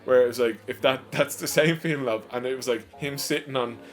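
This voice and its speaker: A man's voice: medium pitch, brisk, faint music behind. Jokey man chatting on a podcast. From Ireland. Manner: jokey, laughs through his stories. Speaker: podcast co-host. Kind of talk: casual chat.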